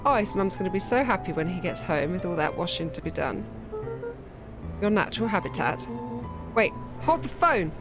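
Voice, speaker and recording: A woman plays through a story game, reading its lines aloud and joking between them. Her delivery is playful and chatty. Game music plays clearly behind her voice. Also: fairly low pitch, sing-song, normal speed. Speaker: gameplay streamer. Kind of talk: playthrough commentary, reading dialogue aloud.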